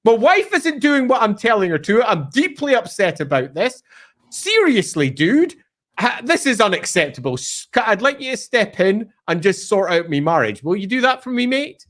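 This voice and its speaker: A man's voice: high voice, sing-song, normal speed, a bit bright, voice pushed up. A man voicing a petulant male demon prince who whines about his runaway wife. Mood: whining. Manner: whiny, pleading, laughing.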